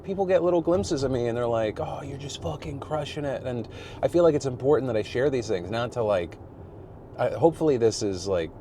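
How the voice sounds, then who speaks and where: This is casual personal vlog chat: a forties-aged man in a parked car rambles candidly, laughing, swearing and running himself down. His medium-pitched voice is animated, brisk and mellow, with slight background noise.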